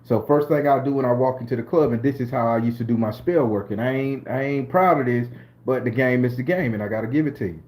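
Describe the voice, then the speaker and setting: Middle-aged southern dude spinning a club story, slangy and cussing, mid-pitched voice. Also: male voice, fast, darkish tone. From southern Florida. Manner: slangy, profane, streetwise swagger. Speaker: channel host storyteller. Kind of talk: casual storytelling to camera.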